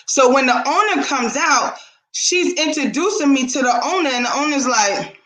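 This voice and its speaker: A woman's voice: high-pitched, normal speed, reverberant, poor audio. A woman co-hosting a casual talk show, telling a story animatedly and acting out the dialogue. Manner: animated, acts out quoted dialogue.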